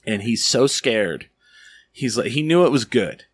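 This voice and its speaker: Lively man telling stories. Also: medium pitch, a little slow, slightly rough. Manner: animated storyteller, acts out quotes. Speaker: podcast host. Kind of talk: casual chat.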